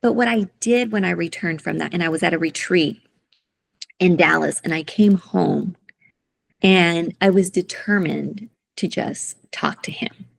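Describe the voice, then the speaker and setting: Emotional woman with a gravelly voice. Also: on the low side, slight background noise. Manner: soft-spoken, halting, emotional. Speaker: guest, coach. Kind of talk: emotional personal story in an interview.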